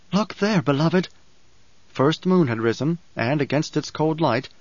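Measured male audiobook narrator. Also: medium pitch, dry recording. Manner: measured, even storytelling. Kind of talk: scripted narration. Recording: dry, slightly dull studio recording.

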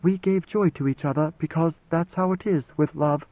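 A man voicing a young woman, a ruler's intended bride, speaking in a soft, measured, composed way. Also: a little high, no echo, lightly acted. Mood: wistful. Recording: dry, phone-like narrow sound.

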